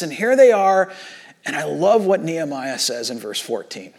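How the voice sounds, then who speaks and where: A man preaching a sermon as a pastor, retelling Bible stories in lively acted-out voices and casual asides. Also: a little high, normal speed.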